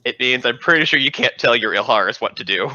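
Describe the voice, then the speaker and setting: A man's voice: medium pitch, expressive, fast, pushed and bright, dull audio. A man playing a tabletop game who tosses in dry, teasing one-liners as table banter. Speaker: player.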